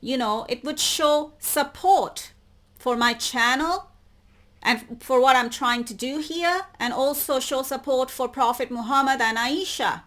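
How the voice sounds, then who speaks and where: A woman's voice: high-pitched, measured pace, fairly bright tone. A woman hosting her own channel, reading web articles aloud and commenting on them, repeating words she wants to stress. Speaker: YouTube channel host.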